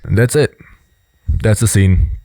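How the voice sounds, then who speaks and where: Low voiced guy doing casual commentary, lots of you know and right, dry close sound. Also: slow, no room sound. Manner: relaxed, explanatory, many fillers. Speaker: host.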